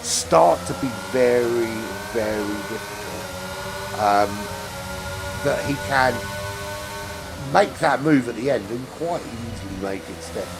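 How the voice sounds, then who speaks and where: A man's voice: mid-range voice, vocal fry. A man doing chatty commentary on an online sim race, with many fillers. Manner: chatty, fillers, rises to excited calls on overtakes. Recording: music bed under the voice.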